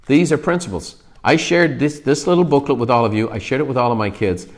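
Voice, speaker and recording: A man delivering an emphatic motivational talk to his company over a livestream. He drives each point home and keeps checking in with a quick "okay?" before pressing on. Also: medium pitch. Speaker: company leader giving a book talk.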